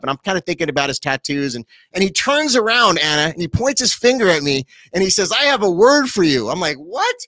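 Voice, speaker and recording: A man in his forties, a pastor telling his personal testimony as an interview guest, animated and quick with asides. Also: on the high side, no room sound. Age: 40s. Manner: animated storyteller, quick asides, laughs easily.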